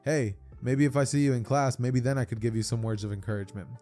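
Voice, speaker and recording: A man voicing a cool, laid-back teenage boy who speaks in a relaxed, offhand way. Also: medium pitch, fast talker, faint music behind, close to an everyday voice.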